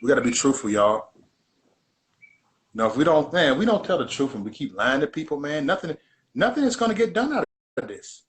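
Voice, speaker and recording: A man's voice: fairly high pitch, very animated, brisk, long pauses. A man hosting a casual livestream, talking in an emphatic, repetitive, preachy way. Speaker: livestream host.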